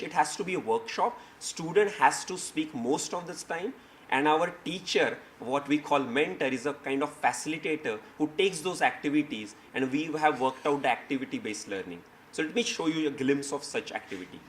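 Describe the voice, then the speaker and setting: A man's voice: on the high side, animated, moderate pace, slight background noise. A man giving a seminar presentation, explaining his teaching approach with frequent restarts and fillers. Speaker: speaker presenting his company. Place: seminar hall.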